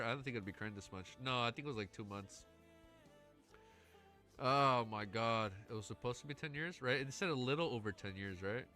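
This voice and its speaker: Male streamer with a bright, forceful voice and a stuffy nose, excitable and profane, faint music behind. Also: mid-range voice. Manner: excitable, swears a lot, emotional. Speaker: livestreamer. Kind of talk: casual livestream reaction and reading aloud.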